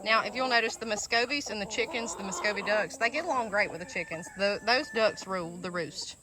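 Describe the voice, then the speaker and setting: Walking through her garden outdoors, a homestead vlogger from Alabama talks emotionally to viewers in a Southern US accent, giving a casual vlog tour. She speaks in a mid-range voice, a little fast, over a noisy background of chickens, ducks and outdoor ambience.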